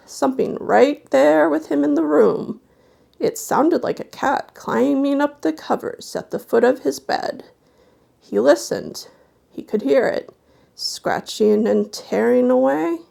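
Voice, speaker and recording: A woman reading a folksy horror tale aloud, then chatting softly and hesitantly to her viewers. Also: fairly high pitch, creaky. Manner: folksy storytelling dialect, then soft hesitant chat. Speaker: storyteller.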